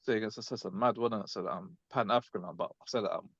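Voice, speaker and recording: A man's voice: fairly low pitch, racing, fairly bright tone, no room sound. A young British man telling a story on a casual group call, rambling and full of fillers, tagging "innit" onto his lines. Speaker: class member recounting an encounter. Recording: dull lo-fi audio.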